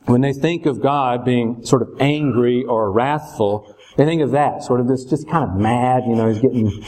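A man's voice: medium pitch, darkish tone. A man teaching a Bible lesson in a conversational way, often checking in with rhetorical questions.

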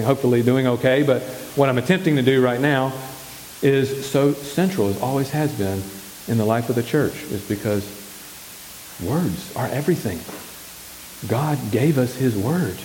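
A man's voice: medium pitch, moderate pace, a little mellow. Man preaching in an echoey hall. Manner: asks the congregation questions and answers them himself. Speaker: pastor. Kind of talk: sermon. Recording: echoey hall with faint hiss.

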